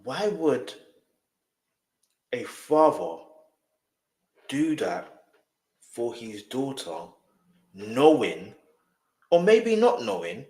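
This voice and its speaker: A man's voice: medium pitch, sing-song, extremely slow, pauses often, darkish tone. A man hosting a reaction video, commenting emphatically and repeating his points to viewers. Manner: emphatic, repeats himself, speaks straight to viewers. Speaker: reaction host. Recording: roomy echo.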